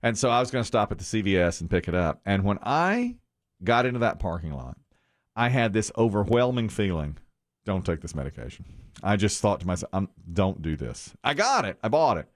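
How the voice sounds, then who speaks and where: A middle-aged man hosting a morning radio show, telling a story in a casual, animated way and laughing often. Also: lowish voice, brisk. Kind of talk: casual chat.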